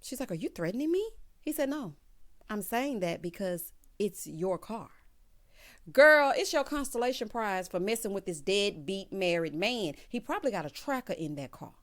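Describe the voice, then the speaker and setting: A woman giving a casual recap of a TV episode with sassy, animated asides. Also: mid-range voice, moderate pace. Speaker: TV show recap reviewer.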